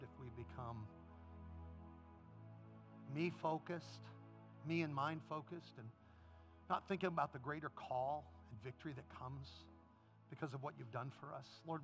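A man preaching a sermon as pastor, then leading the congregation in an emotional prayer. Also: fairly high pitch. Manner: impassioned preaching, rising to a shout.

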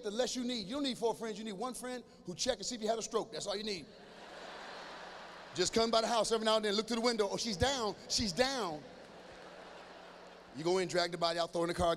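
Middle-aged guy doing stand-up, high voice, riffing right at the crowd, echoey hall sound. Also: rapid-fire, slight background noise. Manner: animated, addresses the audience directly, breaks into shouts. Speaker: stand-up comedian. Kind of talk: stand-up comedy. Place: large church venue, live show. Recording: echoey hall with faint ambience.

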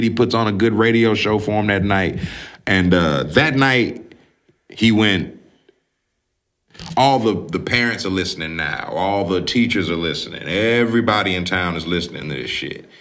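Male podcast host with a lowish voice, animated and profane, retelling a movie in his own words. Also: normal speed. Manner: animated, profane storytelling, acting out characters. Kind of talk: casual film recap.

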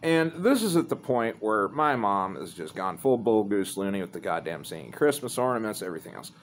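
A man's voice: lowish voice, big pitch swings, brisk, a little hiss or hum. Profane man telling a rambling story. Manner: profane, rambling, laid-back. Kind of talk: casual storytelling.

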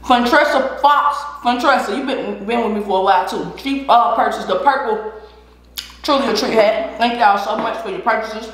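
A woman's voice: on the high side, normal speed, a bit bright. A woman chatting casually while eating on a mukbang vlog, laughing often and giving encouragement. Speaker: vlogger. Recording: echoey room.

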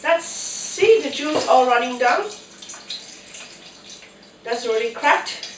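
A chatty woman with a cold shows fruit in her home kitchen, talking half to herself in a high voice at a slow, unhurried pace. She is picked up from across the room, with the kitchen's echo and a faint hiss around her. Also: animated. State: has a cold. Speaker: home cooking host. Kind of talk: casual kitchen demonstration. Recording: echoey kitchen, mic at a distance, faint noise.

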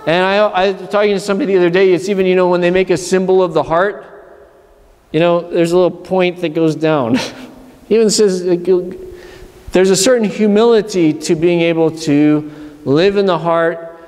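A man's voice: sits high, fairly even intonation, normal speed, darkish tone, big-room sound. A man, an abbot from Pennsylvania, giving a conversational sermon at a retreat and acting out inner voices. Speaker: monastery abbot. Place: church.

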